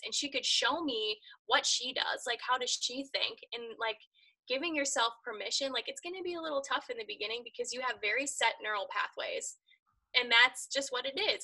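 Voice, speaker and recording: A woman's voice: a little high, pushed and bright, rough recording. A woman guest on a live chat, speaking in an earnest, emphatic and encouraging way. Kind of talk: casual interview chat.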